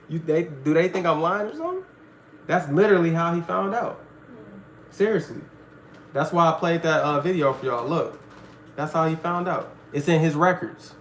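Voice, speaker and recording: A man's voice: a little high, animated, normal speed, pauses often, slight background noise. A man teaching a Bible study in a preaching style, emphatic and full of street slang, often asking listeners if they follow. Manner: street slang, repeats "all right".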